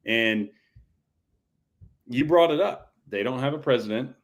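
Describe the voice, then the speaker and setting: A man's voice: medium pitch, lively intonation, unhurried. A man co-hosting a casual college football talk show, rambling with frequent restarts. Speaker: podcast co-host.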